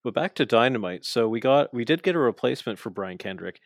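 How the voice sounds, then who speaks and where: A man's voice: medium pitch, animated, fast, creaky, no room sound, studio quality. A man casually recapping wrestling matches with a co-host, telling the action with enthusiasm and acting out the wrestlers' lines. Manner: frequent fillers and restarts.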